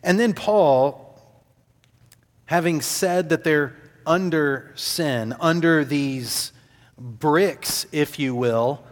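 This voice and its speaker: A man preaching a sermon, stressing key words by repeating them and slowing down on them. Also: fairly high pitch, long reverb tail.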